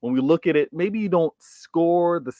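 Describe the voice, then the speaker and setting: A man co-hosting a casual football debate, pushing back with measured, wry answers that hedge before they commit. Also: fairly high pitch, dark tone, no room sound, dull audio. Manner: measured, wry, hedging rebuttals. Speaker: co-host.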